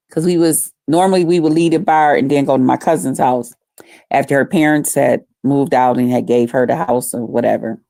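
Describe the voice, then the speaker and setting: Woman spilling a wild story to her viewers, loud and cussing, dry close sound. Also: deep voice, no echo. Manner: animated, profane, talks to her viewers directly. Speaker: vlogger. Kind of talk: casual storytime.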